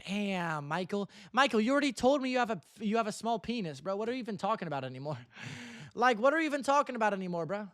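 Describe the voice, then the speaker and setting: A man's voice: high voice, very animated, fast talker, a bit bright, no echo, clean studio sound. A young man streaming live, reading out viewer messages and answering them with teasing, mock-earnest banter, tossing "bro" onto the end of his lines. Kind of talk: casual livestream chat reading viewer messages.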